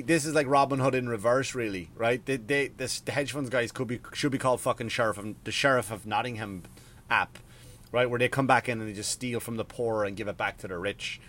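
A man, maybe, hosting a podcast in a profane, rambling, animated rant. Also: medium pitch. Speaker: podcast host. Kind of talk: casual ranting monologue.

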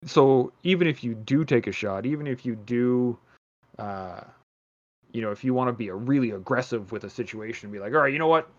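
A man's voice: mid-range voice, moderate pace. Man, podcast host, swears a lot, rambling stories, muffled lo-fi sound. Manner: profane, rambling, animated storytelling. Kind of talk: casual chat.

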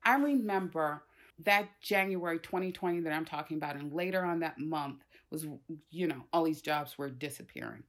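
Animated woman in her fifties. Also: low voice, moderate pace. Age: 50s. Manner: emotional, animated, acts out relatives' voices. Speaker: guest. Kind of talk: personal storytelling in conversation.

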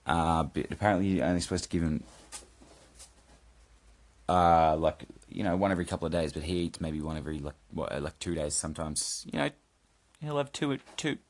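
A man with a low voice talks off the cuff in a solo podcast check-in from home. He rambles, swears a lot and jokes at his own expense, breaking off to scold his cat. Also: lively intonation, brisk. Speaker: podcast host.

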